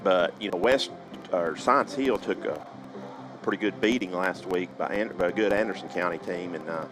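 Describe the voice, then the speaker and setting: A man giving relaxed pregame football commentary, full of hedges and fillers. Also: deep voice, moderate pace, music in the background, poor audio. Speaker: color commentator. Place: outdoors at a football field.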